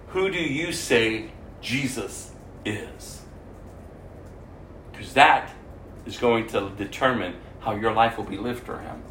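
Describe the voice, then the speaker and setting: A man's voice: medium pitch, measured pace, pauses often, fairly bright tone, slight background noise. A man preaching, reading scripture aloud and adding his own commentary, lifting his voice for the quoted speech. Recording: echoey room.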